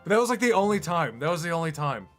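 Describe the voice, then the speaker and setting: A man's voice: a little high, big pitch swings, fast, faint music behind. A man who animates online, chatting casually on a livestream in a rambling, self-deprecating way. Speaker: streamer and animator.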